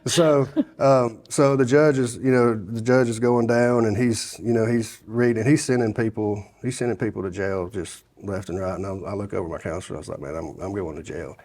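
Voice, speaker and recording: This Sevier County, Tennessee guest shares his testimony in a casual interview, rambling through his life story with many restarts and quoting those he met. His medium-pitched, darkish voice holds a steady tone at a moderate pace, with hardly any pauses.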